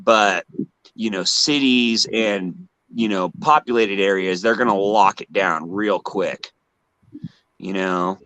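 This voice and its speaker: A man's voice: lowish voice, slow pace, fairly bright tone, clear, resonant tone, dry recording, poor audio. An American man chatting on a livestream, ranting earnestly with many hesitant fillers. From United States. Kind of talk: casual livestream chat.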